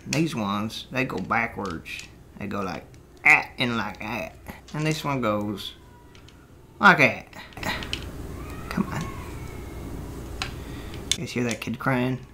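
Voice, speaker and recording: A man's voice: mid-range voice, animated, slow pace, long pauses, bright, forceful tone, slight background noise. A man in his twenties rambling and joking to himself as he builds, half-singing and drifting into a put-on southern drawl. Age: 20s. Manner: goofy, joking, mutters and half-sings to himself. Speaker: vlogger.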